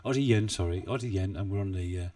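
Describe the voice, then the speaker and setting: A low-voiced man talks casually through a live stream, rambling and self-deprecating as he goes. His desk mic sits a bit too far away, so he sounds distant. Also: fast, dark tone. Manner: chatty, rambling, self-deprecating, chuckles often. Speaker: forex trading live streamer. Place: home desk in the UK. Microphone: desk mic, not well placed.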